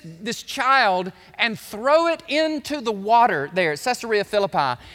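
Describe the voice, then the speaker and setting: A male pastor with a high, bright voice preaches in an animated, conversational way, often turning aside to talk with his congregation directly. The voice is recorded in a church sanctuary, and a long reverb trails behind each phrase. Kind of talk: sermon.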